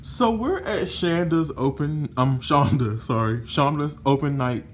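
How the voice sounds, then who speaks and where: A man casually recapping a reality TV episode, gossipy and animated, swearing freely and filling his pauses with "um" and "you know". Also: a little high, a little hiss or hum. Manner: animated, profane, gossipy, many fillers.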